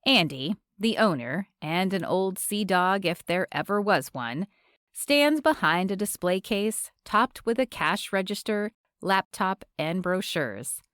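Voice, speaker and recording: A woman narrating a romance audiobook in a measured, expressive reading from a close studio mic. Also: medium pitch, dry recording.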